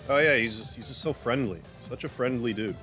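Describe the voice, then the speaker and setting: A man hosting a gaming livestream, chatting loosely while playing and cooing softly at his cat. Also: medium pitch, a little fast. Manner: rambling, loose, full of "like"; softens to a coo when talking to his cat. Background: game music.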